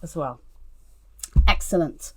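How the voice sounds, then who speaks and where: A woman's voice: deep voice, lively intonation, slow pace, heavy background noise. A woman from London co-hosting a casual crafting chat over a video call, chatty and self-deprecating, laughing often. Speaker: co-host, fibre artist.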